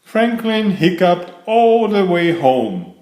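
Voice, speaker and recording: A man reading a children's picture book aloud, slow and expressive. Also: high voice. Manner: slow, sing-song, expressive. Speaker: storybook reader. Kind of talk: children's story read-aloud. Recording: echoey room.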